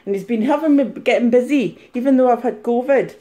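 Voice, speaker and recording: A woman putting on a flustered, excitable female reseller in a high voice for a comic vlog skit, recorded on a mobile phone. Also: fairly quick, natural voice. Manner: high-pitched, flustered, shrieks.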